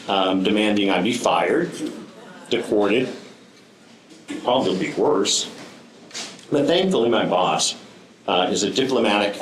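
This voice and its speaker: A man's voice: on the low side, fairly bright tone, reverberant, slight background noise, poor audio. A man giving a prepared speech to a live audience, telling stories with dry, wry humor and frequent ums. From United States. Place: room with an audience.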